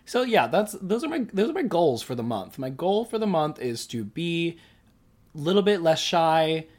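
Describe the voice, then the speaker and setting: A young adult in their early twenties hosts a solo podcast in a loose, casual way. The talk drifts and rambles, full of self-aware asides and frequent giggling, in a middle-pitched voice. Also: sing-song, normal speed, a little mellow. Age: early 20s. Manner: rambling, giggly, laughs often; self-conscious, chatty, talks to self. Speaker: podcast host.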